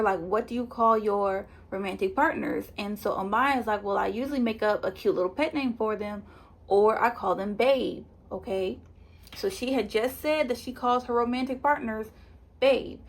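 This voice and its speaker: Girl doing a chatty reality tv spoiler review, kinda high pitched, acts out quotes. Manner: chatty, animated retelling with quoted voices and laughs. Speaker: reality show recap vlogger.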